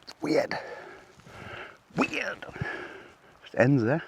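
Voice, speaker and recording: A middle-aged vlogger chats casually to his camera while walking outdoors along woodland and coastal paths, rambling and tossing in jokey asides. His voice is medium-pitched and measured, with background noise in the recording.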